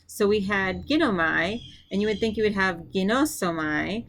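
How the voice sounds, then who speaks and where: A woman's voice: medium pitch, moderate pace, a bit bright. Upbeat woman teaching a language lesson. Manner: upbeat, encouraging, thinks aloud with fillers. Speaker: Greek teacher. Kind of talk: recorded language lesson with drills.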